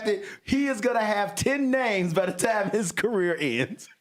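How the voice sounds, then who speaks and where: A woman's voice: medium pitch, expressive, unhurried. A woman co-hosting a local radio sports show, playful and exclamatory, often laughing along. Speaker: radio co-host. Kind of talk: casual sports talk on radio. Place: radio studio.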